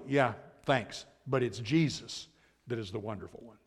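A man preaching a sermon as pastor, swinging between loud emphatic lines and hushed asides. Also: mid-range voice, normal speed, slightly rough. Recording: long hall reverb.

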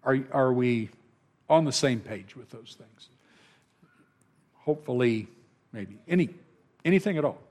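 A man's voice: medium pitch, animated, a little slow, pauses often, darkish tone. A man teaching a Bible lesson to a class, checking in with them and often repeating words as he restarts.

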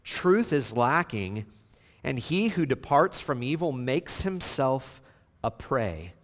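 A man preaching a sermon, swinging between hushed, slow passages and loud, emphatic outbursts. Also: mid-range voice, sing-song, in a large hall. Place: church sanctuary.

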